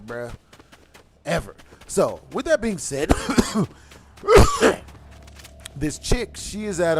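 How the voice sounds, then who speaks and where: Slangy high-voiced man telling stories. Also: a bit bright, a little hiss or hum. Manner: slangy, profane, laughs and coughs often. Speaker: gaming streamer. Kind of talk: casual storytelling livestream.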